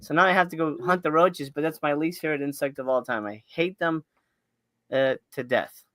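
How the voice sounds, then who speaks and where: Man from miami, podcast host, bright tense voice, profane joking, lots of uh and um. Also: on the high side, fairly quick, dry recording. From Miami, United States. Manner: profane, joking, filler-heavy. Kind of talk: casual chat.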